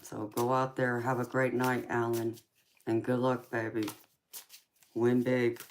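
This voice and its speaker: Deep-voiced Southern woman, unhurried drawl. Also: little pitch movement, a little hiss or hum. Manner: calls viewers baby, darling and doll; laughs often between remarks. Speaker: tarot reader hosting a live chat. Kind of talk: casual live-stream chat.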